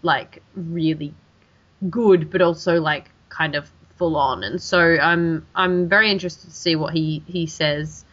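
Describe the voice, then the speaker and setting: A chatty Australian woman co-hosting a casual podcast, her voice bright and forward. She trips over her words and restarts often. The recording sounds dull and lo-fi. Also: low voice, fairly even intonation, a little slow. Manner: chatty, many restarts and fillers. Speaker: podcast co-host. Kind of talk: casual chat.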